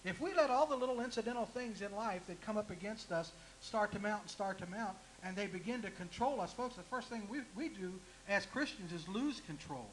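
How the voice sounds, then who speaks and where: Male preacher with a high, bright voice; folksy, self-deprecating sermon delivery to a congregation. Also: brisk, hardly any pauses, a little hiss or hum, poor audio.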